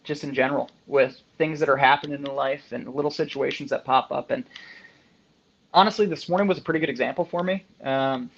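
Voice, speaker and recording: A man's voice: medium pitch, fairly quick, creaky. A man, a chiropractor, giving a conversational motivational talk to fellow practitioners and often tagging his points with "right?". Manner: conversational, with frequent rhetorical "right?" tags. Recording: slightly muffled lo-fi audio.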